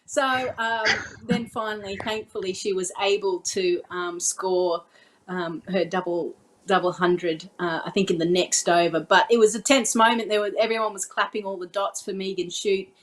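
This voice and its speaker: A woman, a former cricketer turned commentator, telling a story in relaxed chat with a lot of ums. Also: medium pitch, moderate pace, a little hiss or hum. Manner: chatty, frequent ums, acts out her own on-air call.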